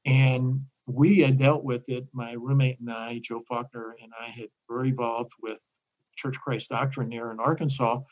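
Older man, animated storyteller. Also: mid-range voice, normal speed, highs cut off. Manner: animated storyteller, acts out quoted voices. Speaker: guest. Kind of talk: casual interview talk.

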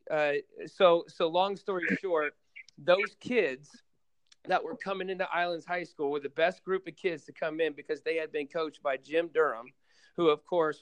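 A man's voice: fairly high pitch, no echo. A man, a basketball coach, telling stories in a casual podcast interview, rambling with many fillers and restarts.

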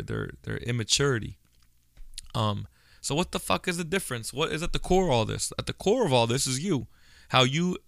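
A man's voice: mid-range voice, creaky, a bit bright, no echo, studio quality. A young adult man hosting a podcast, talking in a blunt, profane, rambling monologue full of restarts. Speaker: podcast host. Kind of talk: casual monologue.

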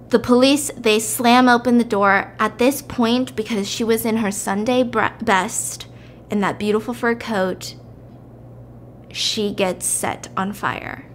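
A woman's voice: on the high side, unhurried. Woman animatedly recapping a film plot. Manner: animated, acts out the quotes. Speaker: podcast host.

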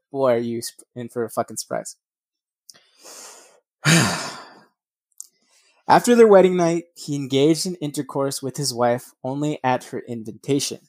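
A man's voice: mid-range voice, darkish tone, no echo. A man reading a true crime case aloud, breaking off for blunt, profane asides and stumbling over names.

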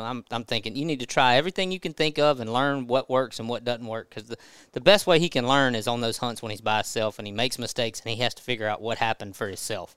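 A man's voice: mid-range voice, fast, fairly bright tone, clean tone, dry recording. A man casually telling a funny hunting story as a podcast guest, laughing as he goes.

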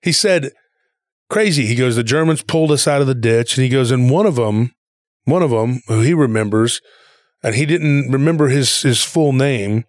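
A man's voice: medium pitch, moderate pace, no echo, clean studio sound. A man casually retelling a story he heard, rambling along with plenty of "he goes" and "he's like".

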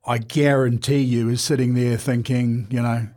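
A man's voice: medium pitch, level tone, moderate pace, a little mellow. A man in his forties, a podcast guest, talking candidly and earnestly, with many fillers and restarts. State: emotional at times. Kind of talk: candid conversation.

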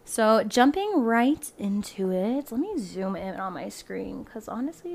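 A woman's voice: medium pitch, very animated, takes it slowly, darkish tone. A woman hosting a true-crime podcast, chatting loosely with many "like"s and laughs, then reading out case details. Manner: chatty and loose, heavy use of "like", laughs often. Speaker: podcast host. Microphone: home laptop microphone.

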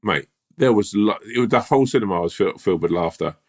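A man co-hosting a casual chat, telling rambling, animated stories full of restarts. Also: lowish voice, fast talker. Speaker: podcast co-host.

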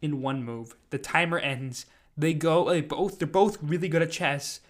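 Rambling higher-voiced guy recapping. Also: measured pace. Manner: rambling, lots of fillers and "like". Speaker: podcast host recapping an event. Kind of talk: casual recap monologue.

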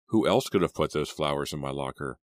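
A man voicing a frightened, quick-tempered teenage girl in an audiobook, his voice raised and emphatic. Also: no echo, clean studio sound. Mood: earnest. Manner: raised pitch, emphatic outbursts.

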